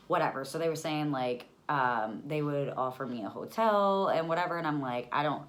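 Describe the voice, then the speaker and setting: A young woman telling a storytime vlog in a heated, profane way, often bursting out loud, from the Buffalo area of New York. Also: deep voice, moderate pace, hardly any pauses. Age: young adult.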